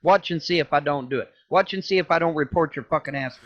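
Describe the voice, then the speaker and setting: High-voiced man ranting angrily. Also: fast talker. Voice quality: loud, cursing, repeats himself. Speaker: ranting video creator. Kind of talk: angry profane rant. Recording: dull lo-fi audio.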